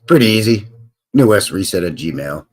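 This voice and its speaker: A man's voice: fairly low pitch, animated, moderate pace. An older man with a Canadian accent, hosting a live stream in a rambling, folksy and jokey way with slangy asides. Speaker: livestream host. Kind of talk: casual live chat.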